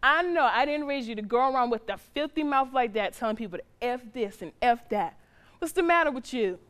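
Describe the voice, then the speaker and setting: A woman's voice: on the high side, expressive, fairly quick, a bit bright, clean tone. An actress playing a stern but loving mother who scolds her teenage son in plain, colloquial speech. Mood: stern scolding. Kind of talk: drama acting.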